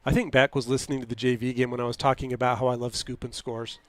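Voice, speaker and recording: A man doing play-by-play for a high school football game, chatty and quick to laugh. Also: little pitch movement, dry recording. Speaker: play-by-play announcer.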